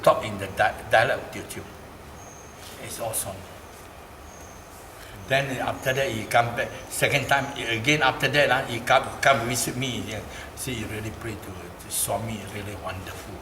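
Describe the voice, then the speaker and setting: A man with a Malaysian English accent recounts a personal story in an animated, repetitive way. His voice sits in a middle register. He was recorded in a roomy space with clear background noise behind him. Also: moderate pace. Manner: animated, repeats phrases, gets louder and higher in quoted speech. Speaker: interviewee. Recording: roomy, noisy ambience.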